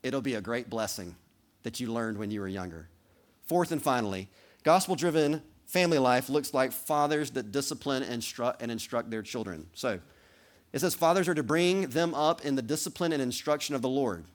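A man's voice: medium pitch, expressive, normal speed. A man preaching a sermon, speaking directly to the children in the congregation and acting out little role-plays. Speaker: pastor.

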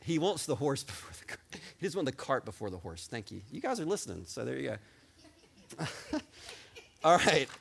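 A man preaching a sermon as pastor, talking with excited energy that rises at times into yelling. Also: medium pitch, normal speed, gravelly, pauses often, husky.

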